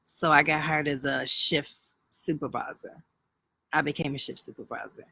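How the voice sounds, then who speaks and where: A man's voice: fairly high pitch, fairly even intonation, normal speed, gravelly, pushed and bright, husky, no echo, low-quality recording. A man around thirty talking candidly on a live video, rambling through a personal story with many fillers and restarts. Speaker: livestream host.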